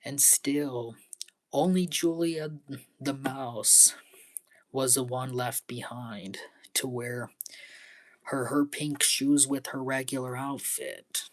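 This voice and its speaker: A young man talking in a casual vlog monologue, halting and repeating his words, earnest and pleading, often dropping into breathy half-whispers. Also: mid-range voice. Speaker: vlogger.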